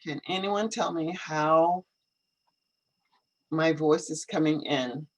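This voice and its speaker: This English teacher talks slowly in a mid-range voice over a computer video call, with poor audio throughout. It's a casual live stream where he thinks out loud and repeats questions while getting things set up.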